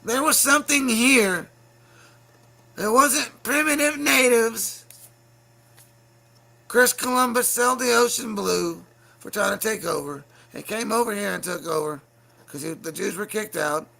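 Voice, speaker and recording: A man rants angrily on his own livestream, swearing freely and breaking into shouts. His voice sits high for a man, with a gravelly, fried edge. The tone is piercingly bright. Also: measured pace, pauses often. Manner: angry, profane, bursts into shouting. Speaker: livestream show host. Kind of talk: heated solo livestream rant.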